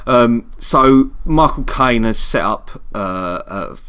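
A man's voice: medium pitch, animated, slow, fairly bright tone, clean tone. A man telling a long, rambling film story in casual chat, with sweary asides and many restarts. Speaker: co-host reviewing a film.

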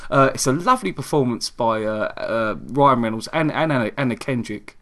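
A man casually chatting about a film, animated and laughing often, with many restarts. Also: medium pitch, a little fast. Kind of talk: casual chat.

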